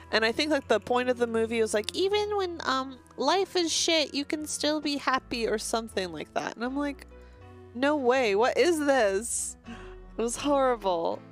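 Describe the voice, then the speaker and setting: A woman's voice: a little high, animated, normal speed, soft background music. A woman live-streaming a game, chatting casually in a rambling way, swearing freely and breaking off to greet viewers. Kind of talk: casual live-stream chat while gaming.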